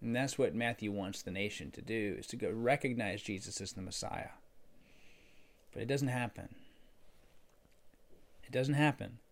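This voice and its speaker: A middle-aged man preaching a sermon as a pastor, conversational in tone, who builds to loud, emphatic peaks and then drops back low and quiet. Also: moderate pace, long pauses.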